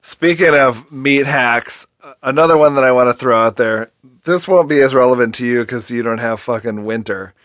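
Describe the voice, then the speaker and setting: A man's voice: mid-range voice, moderate pace, fairly bright tone, no room sound, studio quality. A man co-hosting a podcast, making easygoing, enthusiastic recommendations in casual chat. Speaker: podcast co-host.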